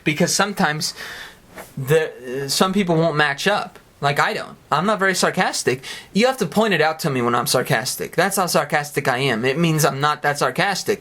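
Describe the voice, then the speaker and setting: A man's voice: a little high, a bit bright. Rambling young man musing alone. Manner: meandering, frequent restarts and asides. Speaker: podcast host. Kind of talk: rambling solo monologue.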